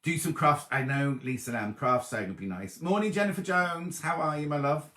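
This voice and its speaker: A man's voice: a little high, brisk. A middle-aged man hosting a casual live stream, reading out viewers' messages and greeting them by name. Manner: chatty, reads viewer messages aloud, warm greetings. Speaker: host of a live sewing chat stream. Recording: roomy echoey live stream.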